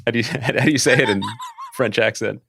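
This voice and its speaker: A man co-hosting a podcast, riffing in casual chat with an animated, sarcastic and profane manner. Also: medium pitch, fast talker, creaky, breathy edge, no room sound. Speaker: podcast co-host.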